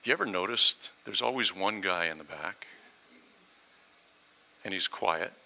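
A man's voice: deep voice, lively intonation, a little slow, gravelly, bright, forceful tone, rough recording. A man preaching a sermon, telling a story and acting out the voices in it. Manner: storytelling, acts out quoted voices.

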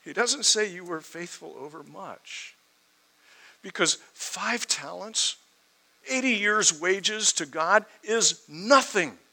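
Male preacher, fairly high and bright tone, expository sermon, fervent rhetorical questions. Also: animated, slow, low-quality recording.

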